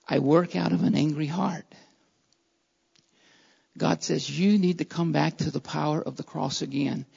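A preacher delivering a sermon in repeated, building phrases, by turns loud and fervent, then quiet and earnest. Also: medium pitch, gravelly, slightly rough, long reverb tail, highs cut off.

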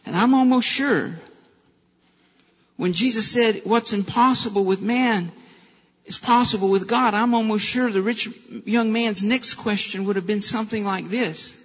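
A man's voice: high-pitched, unhurried, fairly bright tone. A male pastor preaching a sermon with impassioned delivery and rhetorical questions, in a church. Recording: long hall reverb, dull lo-fi sound.

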